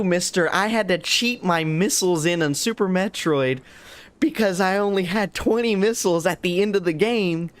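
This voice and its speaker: A young adult man chats casually and jokes while live-streaming a game, at a moderate pace. He swings between excited highs and low, muttered asides.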